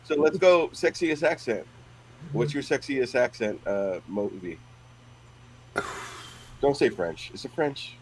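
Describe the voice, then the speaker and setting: A man's voice: mid-range voice, takes it slowly, long pauses, slight background noise, poor audio. A man hosting a casual podcast chat, jokey and steering the topics.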